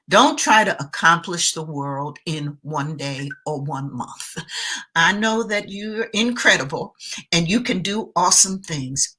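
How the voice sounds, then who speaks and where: A woman coach delivers a motivational self-care lesson straight to her viewers. Her voice sits a little low yet bright and slightly husky. She speaks slowly and leans on repeated key phrases. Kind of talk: motivational talk to camera.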